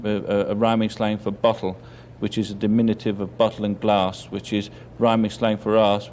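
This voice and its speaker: An older man speaks in a softened Cockney London accent, low in pitch and easygoing. He tells stories in a chatty, repeating way, often chuckling. A faint hiss of an archival interview sits beneath his voice. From East End of London. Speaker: interviewee actor. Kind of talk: anecdotal interview talk.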